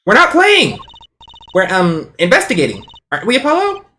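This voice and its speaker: A man voicing a bubbly teenage girl magician's assistant in a squeaky high falsetto. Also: huge pitch swings, normal speed, sharp tone, a little hiss or hum, full character voice. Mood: excited.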